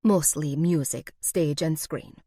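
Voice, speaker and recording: A woman plays a waitress with a thick Eastern European accent, answering in a bland, unhurried tone. The voice sits a little low and comes across dry and close, as in an audiobook booth. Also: dry recording, natural voice. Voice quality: bland, flat delivery.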